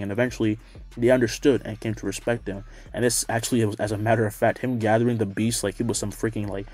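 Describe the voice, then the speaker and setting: A man's voice: on the low side, a little mellow. A man casually retelling a fan story, cursing freely and adding off-the-cuff asides.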